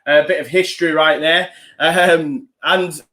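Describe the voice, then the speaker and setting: A man's voice: a little high, steady tone, unhurried, pushed and bright. A man hosting a casual podcast chat over a video call, chatty and upbeat with lots of fillers. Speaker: host.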